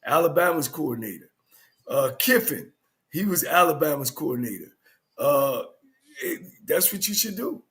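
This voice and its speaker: Coach co-host, man, high voice, loose and joking. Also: big pitch swings, moderate pace, fairly bright tone. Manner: laughs often, loose and joking. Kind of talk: casual sports talk.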